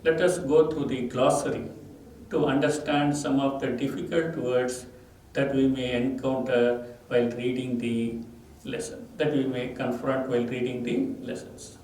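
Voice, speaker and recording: Male English teacher with an Indian English accent, deliberate pace, recorded away from the mic in a reverberant room with faint noise. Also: mid-range voice, steady tone, a little mellow, recorded from a distance. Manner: slow, repeats each word and its meaning with stress. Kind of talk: classroom vocabulary lesson.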